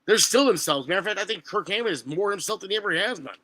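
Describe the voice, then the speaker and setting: A man, telling stories on a podcast in an animated, profane way. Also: sits high, rapid-fire. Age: 20s. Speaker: guest musician. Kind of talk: casual podcast chat.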